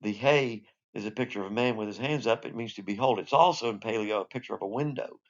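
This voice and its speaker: A man's voice: lowish voice, fast, dull audio. A man teaching a recorded Bible lesson, explaining in a conversational way with asides. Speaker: Sunday school teacher.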